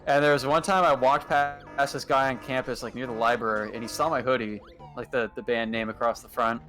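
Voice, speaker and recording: Young man telling animated stories. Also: medium pitch, brisk. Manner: animated storyteller, acts out loud quotes. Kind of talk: casual chat on a gaming livestream. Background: faint game music.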